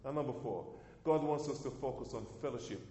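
A man's voice: fairly quick, mellow, a little hiss or hum. A man preaching a sermon as pastor, emphatic and repetitive, pushing his voice up for emphasis. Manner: emphatic preacher, repeats words, rises in pitch for emphasis. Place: church hall. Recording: echoey hall.

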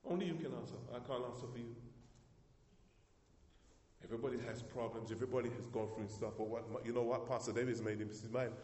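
A male pastor delivering a sermon in a church hall, his mellow, warm voice carrying a long echo around the room. He preaches emphatically, repeating words and lifting his pitch to drive points home. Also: steady tone, fast talker, pauses often. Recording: echoey hall.

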